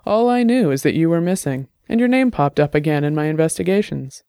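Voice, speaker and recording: A reader voicing a calm, wry male private investigator who questions people in a dry, level way. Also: medium pitch, brisk, clear, resonant tone, no room sound, lightly acted.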